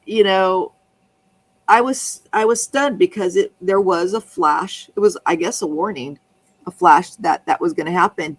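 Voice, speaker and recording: A woman's voice: lowish voice, low-quality recording. A woman in casual conversation, telling a rambling anecdote that keeps restarting and circling back.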